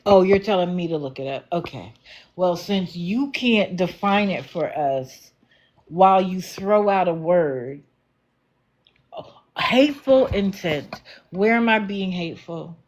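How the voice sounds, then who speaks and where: Livestream host, sarcastic, challenging, mid-pitched voice. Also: animated, slow pace. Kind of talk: livestream chat with viewers.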